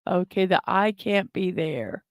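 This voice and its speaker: A woman's voice: lowish voice, animated, unhurried, clear, resonant tone, no echo, studio quality. A woman hosting a casual morning livestream, thinking aloud over a word puzzle, with many ums and uhs, and reading viewer comments aloud. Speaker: host of a daily morning livestream. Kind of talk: casual chat while playing a word puzzle. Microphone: desk microphone.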